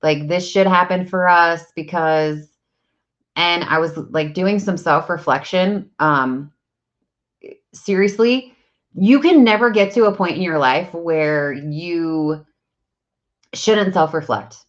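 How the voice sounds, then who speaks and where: A woman's voice: lowish voice, slow, muffled recording. A woman, an energy practitioner and coach, talking casually and at length, rambling with many fillers like "like" and "um". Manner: chatty, rambling, many likes and ums. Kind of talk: casual spiritual talk to camera.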